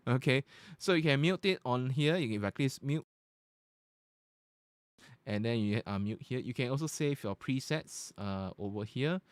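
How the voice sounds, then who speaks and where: A man's voice: medium pitch, expressive, normal speed, no echo, studio quality. A man recording a casual product review at his desk, explaining each feature step by step into a USB podcast microphone. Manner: explains step by step in a chatty, informal way. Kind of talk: casual tech review demonstration. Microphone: studio USB podcast microphone at close to medium distance.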